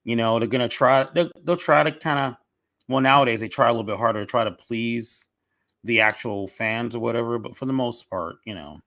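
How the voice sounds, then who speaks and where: A man's voice: medium pitch, brisk, fairly bright tone, no room sound. A man chatting casually on a podcast, opinionated and restarting often, with a cough drop in his mouth. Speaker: podcast guest. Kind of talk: casual chat.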